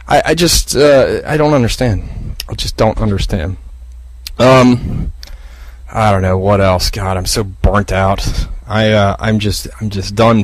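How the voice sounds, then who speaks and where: A man with a lowish voice hosting his own podcast, talking in a loose, profane, rambling way. He trips over restarts and fillers. The sound is close and dry. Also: no echo, rough recording. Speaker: podcast host. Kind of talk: casual solo podcast rant. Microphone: podcast microphone.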